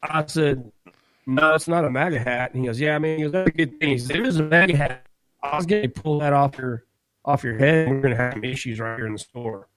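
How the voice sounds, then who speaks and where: A man co-hosting a podcast, telling a story in a casual, animated way and acting out what people said. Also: mid-range voice, fast, rough recording. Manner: animated, laughs while telling, acts out quotes. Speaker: podcast co-host.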